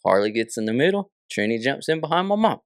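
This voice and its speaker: A young man, a podcast guest, telling a story in a casual, animated way, laughing often and swearing a lot. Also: mid-range voice, quick pace, smooth, no echo, clean studio sound.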